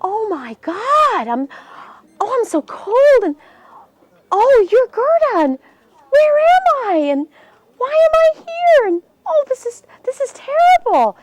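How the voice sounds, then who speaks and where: Woman putting on a scared little boy, storybook, very high, breathless. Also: sing-song, slow pace, no room sound, heavily acted. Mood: panicked. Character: frightened young boy waking from a spell.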